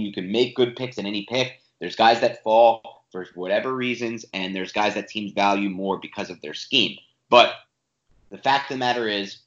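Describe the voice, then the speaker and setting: A man's voice: medium pitch, a bit bright, roomy sound. A man co-hosting a sports podcast, ranting emphatically and with frustration in casual talk. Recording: dull lo-fi audio.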